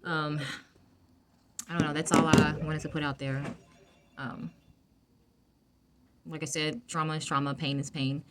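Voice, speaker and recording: A woman talking casually to her viewers, soft-spoken and reflective, with many fillers and restarts. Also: deep voice, little pitch movement, unhurried, long pauses, very noisy. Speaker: vlogger giving emotional wellness advice. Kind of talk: casual reflective talk to camera.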